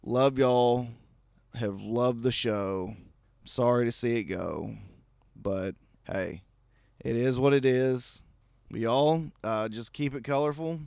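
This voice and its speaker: A man's voice: mid-range voice, slow pace, gravelly, darkish tone, clear, resonant tone, dry recording, studio quality. A man leaves a heartfelt voice message for a podcast, rambling earnestly with many fillers. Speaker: caller, longtime listener. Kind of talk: recorded voice message.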